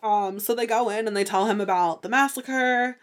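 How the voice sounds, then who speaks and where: A woman hosting a podcast, recapping a TV episode in casual chat, excitable and full of "like", sometimes acting out what the characters say. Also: mid-range voice, normal speed. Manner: chatty and excitable, heavy use of "like", acts out characters' lines. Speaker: podcast host.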